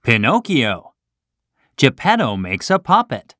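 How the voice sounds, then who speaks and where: A woman narrating a children's storybook in a clear, slow, expressive reading style. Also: very deep voice.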